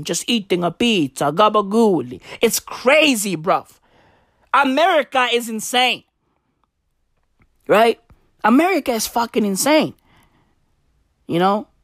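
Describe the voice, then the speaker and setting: A woman rants for comedy in a slangy, profane, rambling way, and her pitch leaps all over. She sits a little high and talks slowly, and the sound is dry and close with no room around it. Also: no room sound. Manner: animated, bursts into laughter and shouts. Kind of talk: comedic rant.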